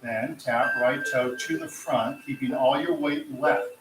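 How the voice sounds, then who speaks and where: A man leading a tai chi class, calmly counting out slow step-by-step cues for balance exercises. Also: mid-range voice. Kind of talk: guided exercise class instruction. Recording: roomy, distant mic with music.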